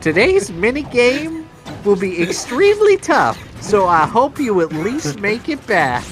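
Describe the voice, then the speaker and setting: A man voicing a cheerful little round male game-show host with a bright announcer voice. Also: high-pitched, big pitch swings, unhurried, soft background music, pitched above the performer's own voice. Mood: upbeat.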